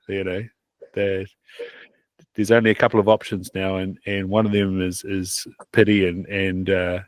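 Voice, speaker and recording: A man's voice: deep voice, normal speed, no room sound. A man hosting a podcast, chatting casually, often laughing and thinking aloud. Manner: laughs often, relaxed and reflective. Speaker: podcast host. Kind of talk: casual interview chat.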